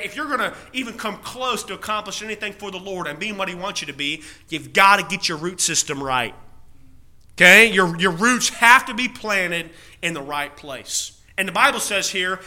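A man's voice: high voice, bright, forceful tone. A male pastor preaching a sermon, driving points home with rhetorical questions and repeated key phrases, stretching out punch words.

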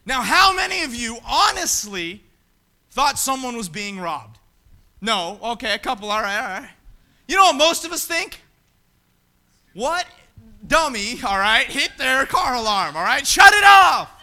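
A man preaching a sermon in a church, swinging between shouted appeals and quiet asides. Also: very high voice, very animated, unhurried, long pauses. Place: church sanctuary.

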